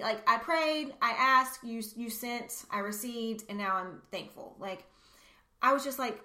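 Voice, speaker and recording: A woman's voice: fairly high pitch, unhurried, pushed and bright, reverberant. A woman podcast host sharing a personal story in an earnest, emotional way, speaking straight to her listeners.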